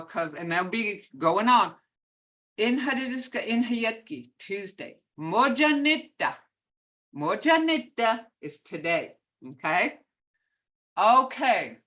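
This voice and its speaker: A woman's voice: on the high side, bright, forceful tone, recorded from a distance. An older woman teaching a beginner language class online, patiently repeating words to show how tone changes their meaning. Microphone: video call.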